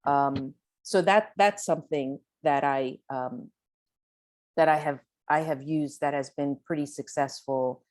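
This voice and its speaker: A woman's voice: deep voice, unhurried, a little mellow. A woman speaking on a panel discussion, conversational, with frequent restarts and "right?" tags. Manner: conversational, with restarts and light laughs; questioning, says "right?" often.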